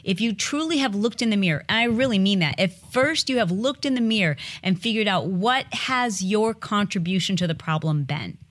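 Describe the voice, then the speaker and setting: A woman's voice: mid-range voice, moderate pace, hardly any pauses. A woman hosting a podcast, chatting casually with her husband and giving earnest advice on relationships. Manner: animated, acts out both sides of stories. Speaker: podcast host.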